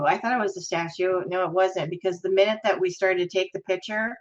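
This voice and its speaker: A woman in casual chat, laughing easily and telling an anecdote at an unhurried pace. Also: on the low side, fairly even intonation, highs cut off.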